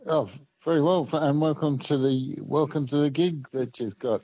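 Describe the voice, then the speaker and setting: A man's voice: a little high, moderate pace, dark tone, husky, lo-fi sound. A man with an Australian accent calling in to a radio quiz, chatty and stumbling over his words. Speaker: caller. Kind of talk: phone-in chat.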